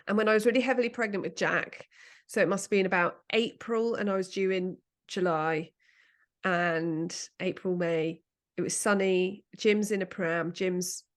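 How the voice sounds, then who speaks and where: A middle-aged English woman with a British accent, co-hosting a podcast in casual chat and telling lively anecdotes with laughter and the odd swear word. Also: mid-range voice. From England. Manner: animated storytelling, laughs and swears freely. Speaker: podcast co-host.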